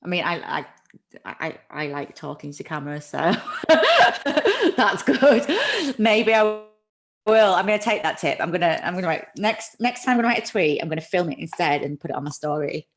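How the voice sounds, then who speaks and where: A woman's voice: on the low side, sing-song, normal speed. A woman hosting a casual live chat, talking freely and laughing often at herself. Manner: chatty, laughs often, self-deprecating. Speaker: livestream host.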